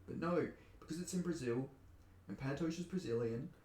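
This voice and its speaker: An Australian from Perth who commentates MMA is angrily ranting, cursing heavily, about what he calls a robbed fight decision. His voice is a little high and slightly mellow, at normal speed, in a roomy-sounding recording.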